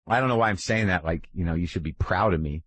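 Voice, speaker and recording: A man's voice: deep voice, quick pace, fairly bright tone, dry recording. A man in his fifties hosting a podcast, talking in a rambling, profane, self-deprecating monologue. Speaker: podcast host. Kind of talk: casual monologue.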